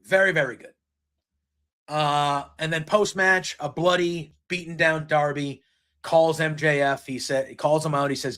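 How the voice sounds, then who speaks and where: A man's voice: a little high, fairly even intonation, measured pace, bright, forceful tone. A man hosting a casual solo wrestling recap, retelling the action play by play with frequent ums. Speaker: wrestling show recap host.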